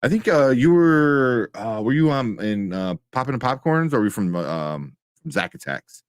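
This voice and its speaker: A man's voice: mid-range voice, lively intonation, normal speed, smooth, no room sound, studio quality. A man co-hosting a live stream, chatting casually and reading out viewers' comments. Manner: laid-back, rambling, reads out chat comments. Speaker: co-host of a live show.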